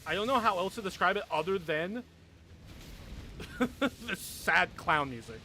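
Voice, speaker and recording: A man's voice: sits high, expressive, a little slow, pushed and bright, slight background noise. Young man rambling on a gaming stream. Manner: rambling, swears a lot, laughs often. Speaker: gaming livestreamer. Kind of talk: casual livestream chat with viewers.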